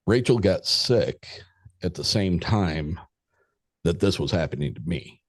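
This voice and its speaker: A man's voice: low-pitched, animated, unhurried, no room sound, clean studio sound. A man who is a podcast guest, telling a story in a candid, casual way. He swears freely and acts out conversations as he goes.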